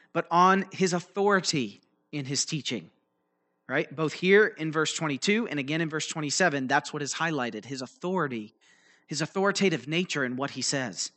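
A man's voice: fairly high pitch, sharp tone. A man preaching a teaching sermon, explaining a Bible passage loosely and checking in with his listeners as he goes. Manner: explanatory, checks in with frequent "right?" and "okay?"; loose delivery with fillers and restarts.

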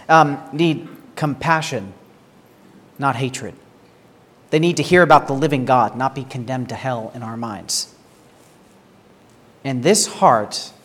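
A man delivering a sermon in a middle-pitched voice, earnest and direct. He poses rhetorical questions to the congregation and sometimes repeats words as he begins a thought. His voice carries a long, ringing reverb from a large church space. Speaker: pastor.

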